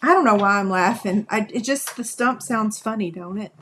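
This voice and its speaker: A woman's voice: medium pitch, moderate pace, a bit bright, a little hiss or hum. A woman, hosting a live craft demonstration, chatting folksily with viewers as she works. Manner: chatty, folksy, talks to viewers while working. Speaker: crafting livestream host.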